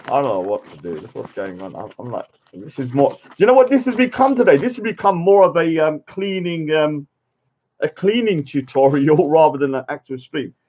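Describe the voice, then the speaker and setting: On a livestream, a man casually rants and argues his point, his voice on the high side, very animated, at normal speed and with a darkish tone. He keeps tagging his lines with "yeah?" in an argumentative way, and the stream audio is dull and lo-fi.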